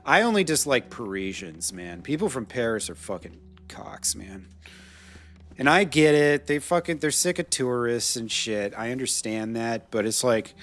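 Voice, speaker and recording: Lively, swearing American streamer. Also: male voice, medium pitch. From United States. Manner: swearing, laughing, rambling asides. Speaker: gaming streamer. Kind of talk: casual live-stream chat while playing.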